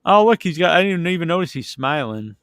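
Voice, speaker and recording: A man's voice: fairly high pitch, sing-song, a little fast, fairly bright tone, dry recording, clean studio sound. A man hosting a podcast, telling rambling anecdotes in casual chat with lots of restarts. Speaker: podcast host.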